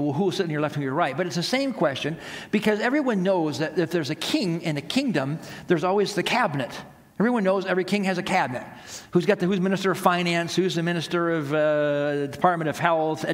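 Man, pastor, conversational sermon, storytelling, slightly high voice, echoey hall.

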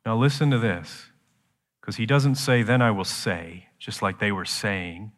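A man preaching a sermon as pastor, shifting from quiet explanation to loud, slow, emphatic lines. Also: on the low side, expressive, long reverb tail.

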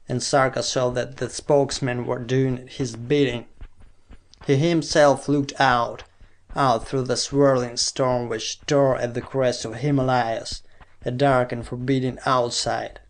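A man reading a science fiction audiobook in measured, steady scripted narration. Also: medium pitch.

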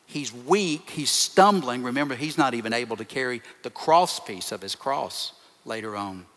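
A man's voice: medium pitch, expressive, moderate pace, fairly bright tone. A man, a pastor, preaching a sermon to his congregation in an emphatic way, piling up short repeated phrases. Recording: long reverb of a large hall.

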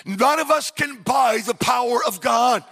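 A man preaching a fervent sermon at a church service, breaking into shouts and rambling through personal stories with many asides. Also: very high voice, a little slow, creaky, in a large hall, soft background music. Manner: storytelling with many asides and restarts. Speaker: visiting missionary preacher.

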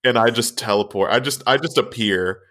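A man in his twenties co-hosting a casual podcast, animated and quick to laugh, playfully acting out other people. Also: mid-range voice. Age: 20s. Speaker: podcast co-host.

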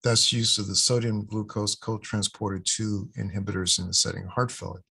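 A man with a lowish, husky voice speaks as a cardiology expert in an interview. He explains in a measured, emphatic way and repeats key points for stress. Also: flat delivery, pushed and bright. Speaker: cardiologist guest, guideline author.

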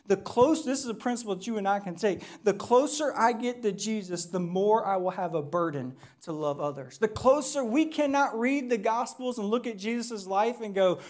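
A woman's voice: mid-range voice, animated, normal speed, few pauses, darkish tone. A woman pastor from the United States preaching a sermon in a conversational style, often checking in with "right?".

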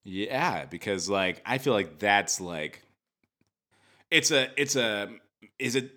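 A man's voice: fairly low pitch, expressive, slow, bright, forceful tone. A young man co-hosting a podcast, rambling and joking in casual chat with many restarts. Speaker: podcast co-host.

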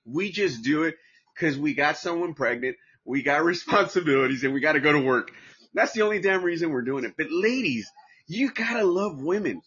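A man's voice: on the high side, lively intonation, fairly quick, fairly bright tone, slightly rough, dull audio. A man from Southern California hosting a casual podcast, rambling and profane with frequent restarts. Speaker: podcast host. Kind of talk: casual livestream podcast chat.

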